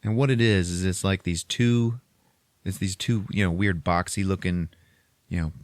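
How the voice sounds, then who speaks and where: Low-voiced man in his forties, casual podcast host, profane rambler, dry close sound. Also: steady tone, moderate pace, no room sound. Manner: profane and rambling, lots of filler. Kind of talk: casual movie recap chat.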